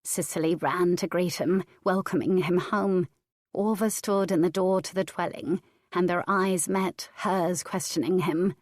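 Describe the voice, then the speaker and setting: A woman reading a historical romance audiobook aloud in a measured storytelling manner. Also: fairly low pitch, steady tone, dry recording, clean studio sound. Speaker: audiobook narrator. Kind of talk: scripted audiobook narration.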